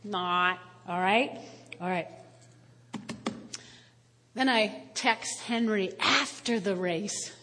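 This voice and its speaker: A woman in her fifties, a pastor preaching a sermon with animated, playful storytelling. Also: medium pitch, extremely slow, long pauses, slight background noise. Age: 50s. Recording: reverberant hall.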